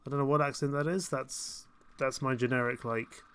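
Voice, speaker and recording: A man's voice: medium pitch, fairly even intonation, moderate pace, fairly bright tone, clear, resonant tone. A young man chatting through a live gameplay stream, rambling and self-mocking, chuckling often. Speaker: game streamer. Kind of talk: casual live gameplay commentary.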